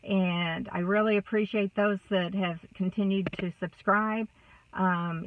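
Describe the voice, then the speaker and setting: A woman vlogger talks slowly and haltingly, restarting her words as she speaks from the heart. Her voice comes through thin and tinny, as if over a phone line. She sounds set back from the mic, in a dry room. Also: medium pitch, fairly even intonation, recorded from a distance, slight background noise. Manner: warm-hearted, halting with fillers and repeats. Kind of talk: casual chat to camera.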